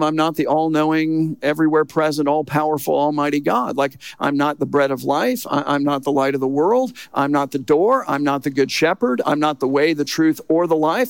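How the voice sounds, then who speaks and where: Lively man preaching, gravelly voice. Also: fairly high pitch, no room sound. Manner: lively, conversational preaching with acted-out quotes. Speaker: pastor. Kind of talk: sermon.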